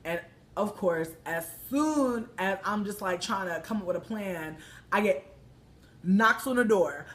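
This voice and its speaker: A young woman telling a story in a casual, profane, animated way, breaking into loud exclamations. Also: medium pitch, a little slow.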